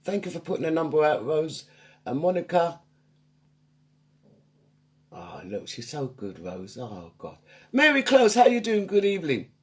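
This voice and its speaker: A woman hosting a live online radio show, chatting upbeat and greeting listeners by name. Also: low-pitched. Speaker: radio DJ and host.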